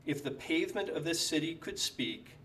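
A man reads his own tribute piece aloud at an event, dry and deadpan, landing his jokes with quiet timing. He sits a little back from the microphone in a hall, with a faint hum of room noise underneath. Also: fairly high pitch, moderate pace, far from the mic. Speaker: speaker at a tribute evening. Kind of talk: reading a prepared humorous tribute. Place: lecture hall.

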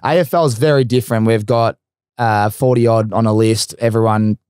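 A man's voice: on the low side, steady tone, brisk, a little mellow, smooth, dry recording, clean studio sound. An Australian man hosting a podcast, chatting in a chummy, blokey way and swearing casually. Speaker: podcast host.

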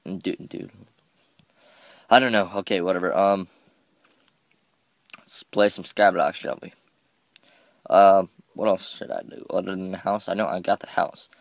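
A man talks his way through a game in a loose, rambling commentary, poking fun at himself and tripping over words. His voice sits deep and carries a gravelly fry. The recording is dry and close, with no room sound. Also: animated, normal speed, dry recording. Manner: rambling, self-mocking, stumbles over words. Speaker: gameplay commentator.

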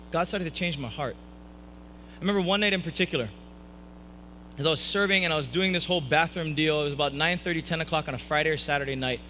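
A young man preaches from a church stage, recorded for a live stream, and tells a personal story with lively, animated delivery. His voice is bright and forceful and sits a little high for a man. A faint hum runs under the recording. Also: low-quality recording. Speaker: pastor.

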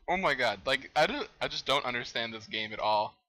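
Young male gamer, bright tense voice, excitable casual commentary. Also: mid-range voice, fairly quick, low-quality recording. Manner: excitable, exclaims and laughs at the game. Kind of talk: let's play commentary.

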